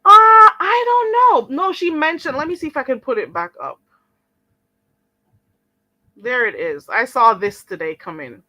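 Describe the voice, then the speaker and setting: Woman, young adult, stream host, indignant, sarcastic, bright tense voice. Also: high voice, sing-song, measured pace, long pauses, dry recording, rough recording. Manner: indignant, sarcastic, mocking mimicry. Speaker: channel host. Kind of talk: live-stream rant to viewers.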